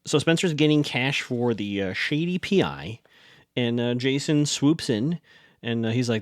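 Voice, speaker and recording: A man's voice: medium pitch, animated, unhurried, clear, resonant tone, no echo, studio quality. A man hosting a podcast, recapping a TV episode in a chatty, rambling way and often correcting himself. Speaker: podcast host.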